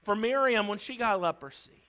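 Bright, high-voiced emphatic preacher man. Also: lively intonation, brisk, rough recording. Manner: emphatic, swings between loud preaching and hushed lines; acts out Bible characters' pleas. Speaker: pastor. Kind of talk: sermon.

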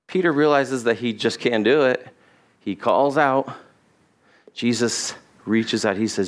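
Animated preaching man. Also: mid-range voice, measured pace. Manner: animated, acts out Bible characters' lines. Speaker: pastor. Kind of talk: sermon. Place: church. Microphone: body-worn mic with cable.

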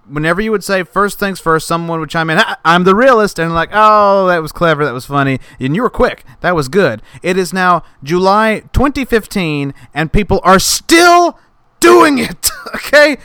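A man's voice: sits high, sharp tone, smooth, dry recording. A man hosting a comedy podcast, ranting in mock outrage about pet peeves and acting in silly sketches. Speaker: podcast host.

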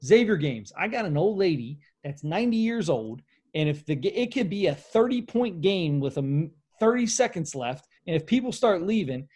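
A man hosting a casual sports talk show, opinionated and animated, with many restarts. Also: high-pitched, moderate pace, slightly rough.

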